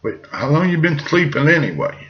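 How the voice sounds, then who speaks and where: Gravelly folksy man telling a bedtime story. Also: a little high, very animated, moderate pace, muffled recording. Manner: folksy, rambling, jokey asides.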